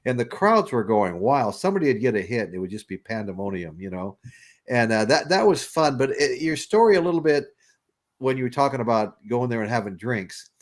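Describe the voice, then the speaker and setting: A man's voice: medium pitch, very animated, brisk. A man hosting a podcast, telling a long story in a rambling way with restarts. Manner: rambling, with repeated restarts and laughs. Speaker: podcast host. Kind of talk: casual storytelling chat.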